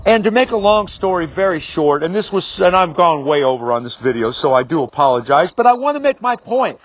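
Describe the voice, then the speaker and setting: A man's voice: a little high, very animated, fairly quick, muffled recording. A middle-aged man telling a personal story straight to camera, casual and rambling, with many restarts, mild swearing and firm, emphatic repetition. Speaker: business speaker. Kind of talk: storytelling video monologue.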